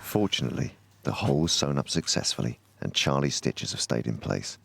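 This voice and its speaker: A man narrating a documentary in a calm, measured, scripted way. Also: rumbling low, vocal fry, breathy edge. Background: music.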